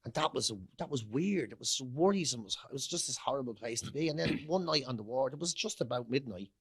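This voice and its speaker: An Irish man in his forties talks candidly as a podcast guest, his voice a bit husky and breathy. He rambles reflectively, repeating words and trailing off. The studio sound is close and dry. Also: mid-range voice, lively intonation, quick pace, no room sound. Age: 40s. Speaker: guest, comedian and radio presenter. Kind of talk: candid conversational storytelling.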